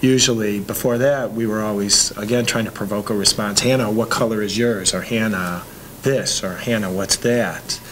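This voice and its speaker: A father describes home life in a relaxed interview. His voice sits a little low but sounds bright and forward. He thinks aloud and often restarts his sentences. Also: normal speed, slight background noise, poor audio. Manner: reflective, with restarts. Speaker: parent. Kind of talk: casual interview.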